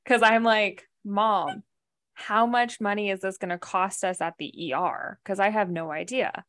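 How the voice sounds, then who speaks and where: A woman's voice: mid-range voice, fairly even intonation, unhurried, a bit bright. A woman from Canada chatting on a podcast, telling a story in a rambling way, full of "like" and "right?". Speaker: podcast co-host. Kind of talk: casual chat.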